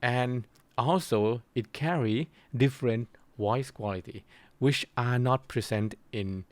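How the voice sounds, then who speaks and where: A man giving a recorded university lecture, explaining slowly and pausing often to search for his words. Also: mid-range voice, no room sound. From Thailand. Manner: slow, halting explanation with frequent pauses to search for words.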